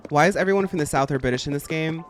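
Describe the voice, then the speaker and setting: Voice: mid-range voice, rapid-fire, soft background music. A streamer chatting casually while playing a game, giggling and tossing out slangy asides.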